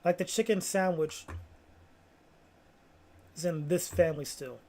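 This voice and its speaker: A man's voice: a little high, a little slow, darkish tone. A man hosting a casual video, rambling through tangents and pleased with himself. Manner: rambling, self-amused, full of "like".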